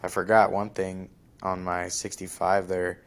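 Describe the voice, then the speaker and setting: A young man with a deep, low-pitched voice hosts a casual podcast. He tells a long story in a loose, rambling way, leaning on fillers and likes as he goes. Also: level tone, unhurried, gravelly. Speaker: podcast host.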